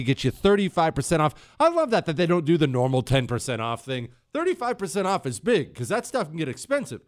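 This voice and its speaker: A man's voice: a little high, big pitch swings, brisk, few pauses, no echo, clean studio sound. A man hosting a talk radio show, brash and sarcastic in his opinions and reading ads in the same brash way. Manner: brash, sarcastic, mocking impressions.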